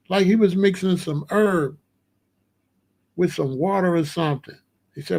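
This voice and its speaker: A man talking casually to his viewers in a slangy, emphatic way, his voice sitting a bit higher than most. He keeps stressing his points and often breaks into animated disbelief. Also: measured pace, vocal fry, long pauses. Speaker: vlogger. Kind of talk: casual monologue to camera.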